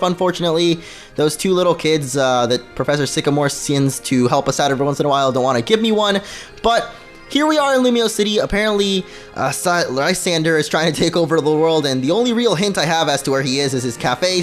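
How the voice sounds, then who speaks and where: Goofy, high-pitched gameplay host man. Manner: goofy, joking, excitable. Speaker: let's play host. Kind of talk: gameplay commentary.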